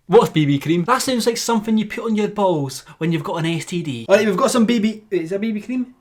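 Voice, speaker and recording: A man's voice: sits high, expressive, brisk, a little mellow. A young Scottish man in his twenties doing a sarcastic commentary vlog, swearing and stumbling over restarts. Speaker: YouTuber.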